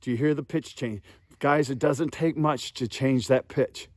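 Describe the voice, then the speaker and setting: A man's voice: mid-range voice, measured pace, a little mellow, no echo, studio quality. Emphatic man teaching goose calling. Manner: folksy, emphatic, calls the audience "guys". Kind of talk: hands-on how-to lesson.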